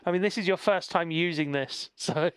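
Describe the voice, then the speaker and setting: On a casual game stream, this man coaches a blind player and banters with viewers, reading their chat aloud with frequent laughter and encouragement. He speaks at normal speed in a clean, somewhat high voice without room sound, though faint background noise is present.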